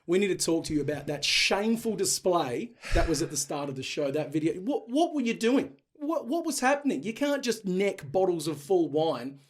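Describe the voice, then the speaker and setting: An Australian man hosts a casual sports chat show with cheeky, teasing banter. His voice sits a little higher than most men's. He laughs easily between jokes. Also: sing-song, normal speed, hardly any pauses. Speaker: podcast host.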